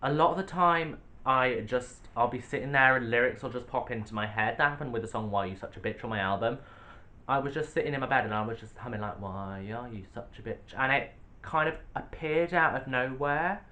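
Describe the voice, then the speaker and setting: A man's voice: medium pitch, brisk, bright, forceful tone. A young man, a drag artist, answering fan questions in a casual vlog, playful and sassy with cheeky jokes. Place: home, sitting on a sofa.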